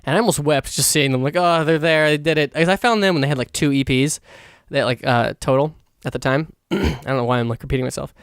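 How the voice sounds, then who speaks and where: A young man hosting a solo podcast, rambling excitedly in a casual monologue and swearing a lot. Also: mid-range voice, fast talker, few pauses, smooth, no echo, clean studio sound. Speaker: podcast host.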